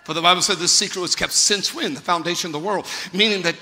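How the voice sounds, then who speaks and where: A man's voice: sits high, fast, sharp tone, a little hiss or hum. A man preaching a sermon as a pastor, fervent and conversational, firing rhetorical questions at his congregation. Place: church sanctuary. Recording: long church reverb.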